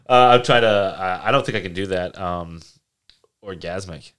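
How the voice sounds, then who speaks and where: A young man with a low, lively voice hosts a casual podcast. He reads party-game cards aloud with a loose, joking delivery. He keeps breaking into high, giggling laughter. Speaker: podcast host.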